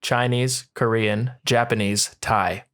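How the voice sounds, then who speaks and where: A man's voice: medium pitch, fairly even intonation, slow pace, a bit bright, clean tone. Young man, podcast co-host, remote voice call, loose joking quiz chat. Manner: loose, joking, swears casually. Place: home room, remote call. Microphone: voice call over internet.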